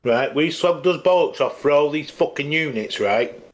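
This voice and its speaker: A man's voice: a little high, expressive, normal speed. A man chatting as a guest on a live stream, blunt and sweary. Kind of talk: casual chat.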